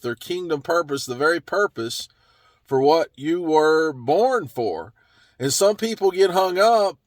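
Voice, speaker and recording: A man preaching in a slightly high voice, slow and earnest, easing down to a near hush for quiet moments. The sound is close and dry, with no room around it. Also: dry recording. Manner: slow, earnest storytelling with drops to a soft hush. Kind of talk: sermon.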